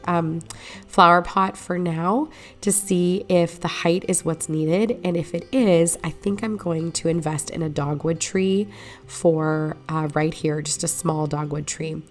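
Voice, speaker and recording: A woman vlogger in a low morning voice, chatting through a casual voice-over narration of her garden project and explaining each step as she goes. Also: unhurried. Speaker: home makeover vlogger. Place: voice-over recorded while editing.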